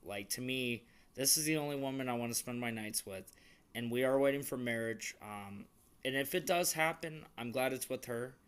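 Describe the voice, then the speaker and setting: A man's voice: mid-range voice, normal speed, clean tone. A young man chatting casually on a couple's vlog, earnest and rambling, with many restarts. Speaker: vlogger.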